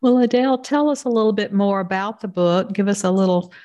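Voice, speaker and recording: A woman's voice: medium pitch, a little fast, dark tone. A woman over fifty hosting a podcast, asking encouraging, open questions. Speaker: podcast host. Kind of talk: interview questions.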